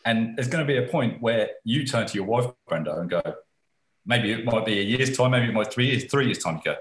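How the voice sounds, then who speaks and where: A man's voice: medium pitch, lively intonation, quick pace, echoey room, a little hiss or hum. A man in casual podcast chat as a guest, rambling and swearing casually.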